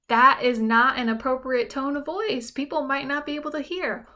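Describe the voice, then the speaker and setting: A woman's voice: sits high, a little fast, few pauses, sharp tone. A young adult woman teacher giving a recorded lesson, explaining things simply and patiently and often checking in with "okay?".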